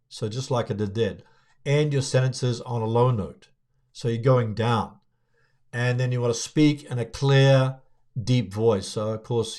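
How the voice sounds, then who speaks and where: A young video coach with a medium-pitched voice teaches viewers how to speak to camera. It's a casual on-camera tutorial, relaxed and conversational, with frequent fillers and restarts.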